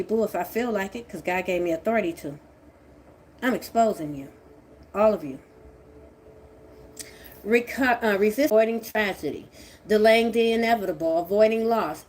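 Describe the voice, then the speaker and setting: A woman doing a tarot reading, talking in a profane, confrontational way that swings from a low mutter to shouting. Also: slight background noise. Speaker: tarot reader. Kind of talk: angry tarot reading monologue.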